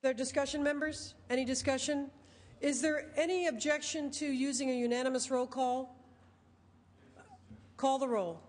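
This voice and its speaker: High-voiced woman chairing a session. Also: fairly even intonation, a little mellow. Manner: brisk procedural phrasing. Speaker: presiding officer. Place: legislative chamber. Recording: long reverb of a large chamber.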